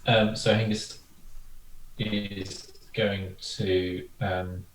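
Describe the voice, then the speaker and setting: Low-voiced guy thinking out loud in a tabletop game, roomy echo, faint hiss behind. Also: level tone, extremely slow. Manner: tentative, thinking aloud. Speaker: player. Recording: echoey room, distant mic, faint noise.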